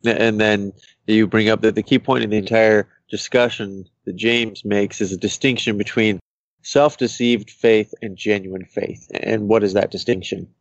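A man's voice: fairly low pitch, little pitch movement, normal speed, no room sound, muffled recording. A man interviewing with curious, inquiring questions.

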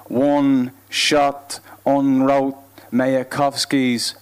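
A man with a Dublin accent reads his poetry aloud on a club stage. He keeps an unhurried, rhythmic pulse and leans hard on words, then drops suddenly to a hush. His voice sits at an ordinary middle pitch. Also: little pitch movement, clean tone. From Ireland. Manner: rhythmic, emphatic delivery with sudden shifts between loud and hushed. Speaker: performance poet. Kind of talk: live spoken-word performance. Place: club stage, live broadcast.

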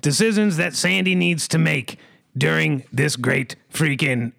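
A man's voice: fairly high pitch, a little slow, vocal fry, fairly bright tone, dry recording, studio quality. A man running an improvised comedy game as game master, announcing decisions and wild cards and repeating a rhyming catchphrase. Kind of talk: improvised comedy role-play narration.

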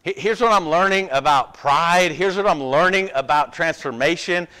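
A man's voice: fairly high pitch, normal speed, pushed and bright, clear, resonant tone. A man preaching a sermon in a casual, conversational way, with self-deprecating asides and a habit of checking in with "okay?". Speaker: pastor.

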